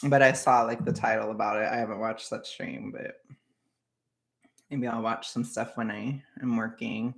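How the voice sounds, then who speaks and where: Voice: mid-range voice, steady tone, moderate pace, vocal fry. An anxious, jittery streamer chatting casually with viewers in a rambling way and laughing often. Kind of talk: casual livestream chat with viewers.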